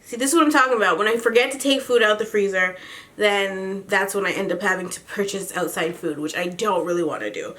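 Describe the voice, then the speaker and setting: A woman's voice: medium pitch, brisk, pushed and bright. A young pregnant woman gives a casual update to her viewers. She is slangy and chatty and laughs often. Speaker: vlogger.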